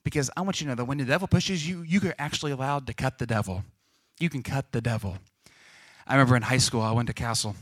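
A man in his twenties, a pastor preaching a sermon that moves from casual storytelling to loud, forceful preaching. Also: medium pitch, fast, dry recording. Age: 20s.

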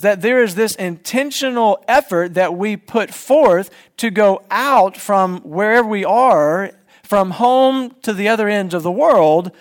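A man in his forties, a pastor, giving a conversational sermon in church and putting questions to the congregation. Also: high voice.

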